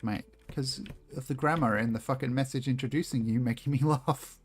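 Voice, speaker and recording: Brisk and with few pauses, this young Australian streamer's husky, mid-range voice keeps a fairly even intonation. He offers casual gameplay commentary, bantering with viewers, cursing freely, and laughing a lot.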